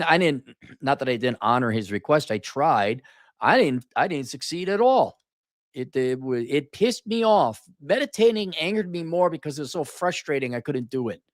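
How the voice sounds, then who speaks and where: An older male commentator with a mid-range voice delivers a casual opinion monologue, blunt and profane, often mocking quotes in a raised, exasperated voice. The recording is dry and studio quality.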